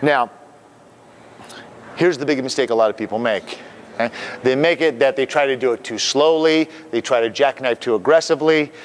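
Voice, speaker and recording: A man's voice: medium pitch, moderate pace, long pauses, slight background noise. A man trainer explaining exercise moves in an upbeat, playful way, often checking in with "okay?", recorded outdoors on a hilltop. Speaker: fitness trainer. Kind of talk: instructional demonstration.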